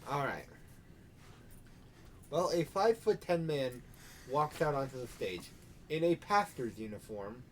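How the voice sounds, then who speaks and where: A man's voice: mid-range voice, lively intonation, measured pace, long pauses, a little hiss or hum. A man narrating as game master in a casual, loose way.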